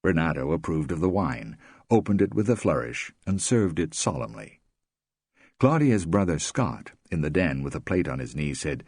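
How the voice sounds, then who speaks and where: A man reading a novel aloud as an audiobook narrator, measured and expressive, close to the mic. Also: a bass voice, gravelly, husky, dry recording. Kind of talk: scripted narration.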